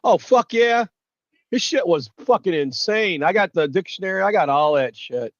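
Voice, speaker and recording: A man's voice: sits high, expressive, moderate pace, no room sound. Profane ranting male streamer, dry lo-fi mic. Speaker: livestream host. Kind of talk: casual livestream rant.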